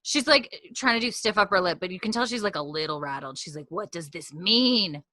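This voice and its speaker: Bright, chatty woman retelling a show. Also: fairly low pitch, expressive, fast talker, dry recording. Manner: chatty retelling, acting out characters' lines. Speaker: podcast co-host recapping an episode. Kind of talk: casual podcast chat.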